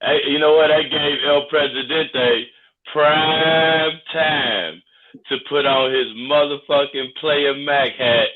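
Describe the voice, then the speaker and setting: A man on the line teases his friends, playful and loose. His voice sits a bit high. It comes through thin and tinny, like a phone call. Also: steady tone, slow. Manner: joking, teasing. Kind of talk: casual chat.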